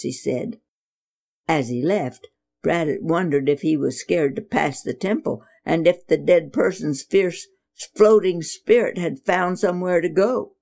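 Slow gravelly woman storyteller. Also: on the low side. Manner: expressive, dramatic pauses. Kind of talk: reading a children's story aloud.

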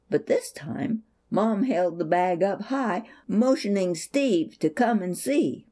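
A woman reads a Christian children's story aloud, slowly and expressively. Her voice is mellow and soft-edged, and her intonation rises and falls widely, as in a bedtime read-aloud. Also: lowish voice, slightly rough.

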